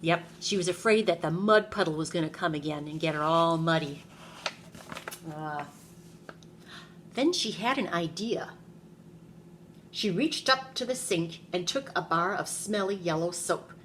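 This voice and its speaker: A woman teaching preschool tells a picture-book story with animation to a classroom of young children, pausing to ask them questions. Her voice is fairly low and her pace normal, with a bit of background noise present.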